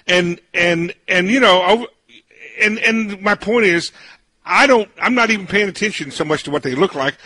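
A man hosting a radio interview, talking in a folksy, roundabout way and repeating words as he goes. His voice is bright and pitched a little high, with a husky edge. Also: normal speed, no echo. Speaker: radio host.

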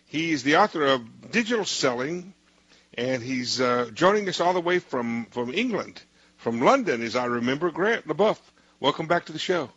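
A man's voice: fairly high pitch, animated, normal speed, fairly bright tone, slightly rough, no echo, dull audio. A male host interviewing a guest, rambling with many restarts and cutting in. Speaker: show host.

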